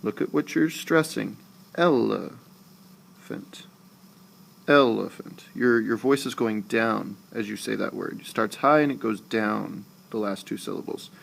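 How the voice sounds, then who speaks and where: A man teaching a screencast lesson, explaining slowly and patiently and saying syllables aloud with exaggerated stress. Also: fairly low pitch, gravelly, fairly bright tone. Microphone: tablet recording.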